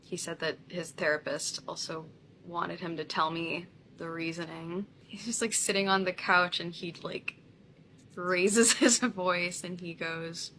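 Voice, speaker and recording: A woman speaks candidly into the camera about a painful personal experience. Her voice is bright, and she often laughs lightly. A faint ambient noise sits behind her. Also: fairly low pitch, fairly even intonation, measured pace. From India. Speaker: content creator.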